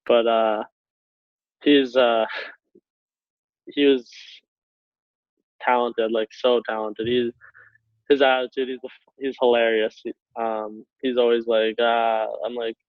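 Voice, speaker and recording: A young man from Canada tells stories in a relaxed, chatty way, often laughing between words. His voice comes through a tinny, phone-like call line with a dry, close sound and a middle pitch. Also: takes it slowly, pauses often, no echo. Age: young adult. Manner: laughs often while telling stories, relaxed, filler-heavy. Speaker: guest, hockey player. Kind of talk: casual storytelling. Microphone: call over internet.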